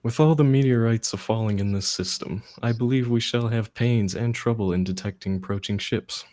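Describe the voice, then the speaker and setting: A man's voice: lowish voice, moderate pace, a little mellow, lightly acted. A man reading a kindly rebel general in Shakespearean-style verse. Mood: solemn.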